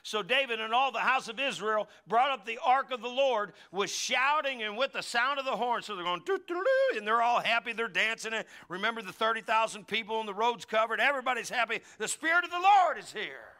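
A middle-aged man preaching a lively sermon as pastor, acting out quotes in character voices and having the congregation repeat after him. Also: extremely high pitch, brisk, few pauses.

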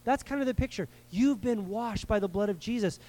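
A man's voice: high voice, a little fast, a little mellow. A man preaching a sermon to a live congregation in a conversational way, repeating words for emphasis and checking in with his listeners. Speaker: pastor. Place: church service before a live congregation.

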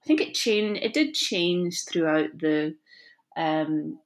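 A woman's voice: low voice, sing-song, slow. A woman in her forties talks easily in a casual interview, with a slight lisp from a lazy tongue. She is self-deprecating and laughs at herself often. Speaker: actress, podcast guest.

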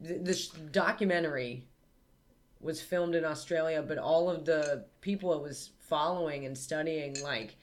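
A podcast co-host speaks in a middle pitch and chats casually. The replies are dry and skeptical. A faint noise sits behind the voice. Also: unhurried. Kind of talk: casual chat.

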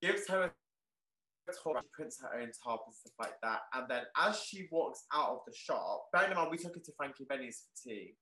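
Young man, bright voice, excitable storyteller, lots of "like", roomy echo. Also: medium pitch, normal speed. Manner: excitable, peppered with "like", animated retelling. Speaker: guest, clothing shop owner. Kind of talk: casual storytelling in an interview.

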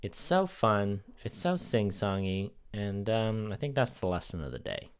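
A man's voice: lowish voice, very animated, a little slow, clean tone. A man co-hosting a casual comedy chat, delivering playful, mock-outraged opinions. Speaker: podcast co-host.

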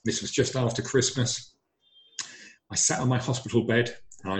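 A man's voice: mid-range voice, normal speed. A middle-aged man, telling his personal story earnestly and emphatically, often repeating his words. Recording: echoey room.

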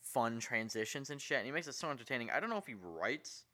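A man's voice: mid-range voice, sing-song, fast talker, pushed and bright. Rambling, jokey man in casual chat.

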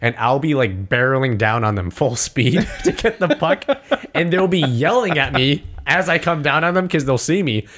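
Two or three friends chatting casually, and one young man does most of the talking. He has a New York accent and tells his stories in an animated way. He laughs often, swears freely, and his pitch sits in an ordinary middle range. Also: normal speed. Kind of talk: casual chat.

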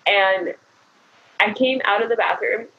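A woman casually telling her birth story as a guest, chatty and animated, quoting people often. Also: mid-range voice, measured pace. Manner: chatty, animated retelling with frequent "like" and laughter. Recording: dull lo-fi recording.

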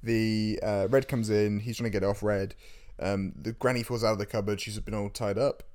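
A man co-hosting a casual chat about a film, explaining plot points in a steady, teasing way. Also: lowish voice, normal speed. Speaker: podcast co-host.

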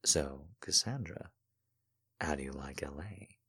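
A refined young gentleman speaks in a low, quiet murmur, very deep and unhurried, as a man reads him. His manner is soft-spoken and charming. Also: gravelly, husky, heavily acted.

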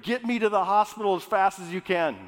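A man's voice: fairly quick, natural voice. A man doing a frantic, panicked joke character. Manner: frantic, pleading, voice pushed higher. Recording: echoey hall.

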